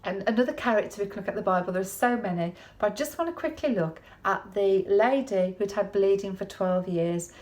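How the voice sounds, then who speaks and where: A woman's voice: mid-range voice, brisk, hardly any pauses, darkish tone. A woman giving a conversational sermon in a chatty, folksy way, often turning to the listener with tag questions. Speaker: preacher.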